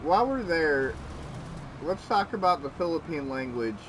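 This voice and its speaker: A man's voice: a little high, sing-song, normal speed, fairly bright tone, slight background noise, rough recording. A man in casual gaming chat, talkative, laughing easily and griping.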